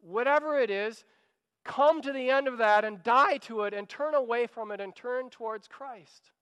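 An earnest man preaches a sermon, urging his listeners and repeating phrases as he pleads. His voice sits very high and comes across smooth and resonant. A long reverb trails each phrase, as in a large hall. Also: normal speed, a bit bright, lo-fi sound. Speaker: pastor.

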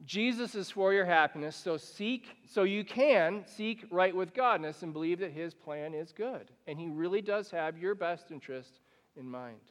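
Man, pastor, high-pitched, animated conversational sermon, long hall echo. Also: moderate pace. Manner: animated, conversational preaching with acted-out examples.

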